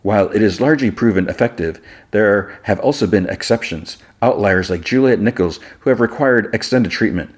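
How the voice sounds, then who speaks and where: A man reading the lines of a calm, controlling male computer in a measured, clinical way. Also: on the low side, husky.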